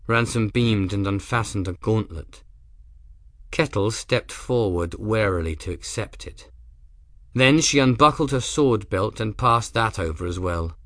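Man narrating an audiobook, low and dry. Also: unhurried, fairly bright tone, no room sound.

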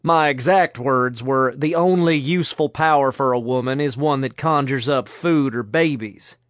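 A man's voice: medium pitch, moderate pace, dry recording, studio quality, lightly acted. A man voicing a cocky young man who teases smugly. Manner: smug and teasing.

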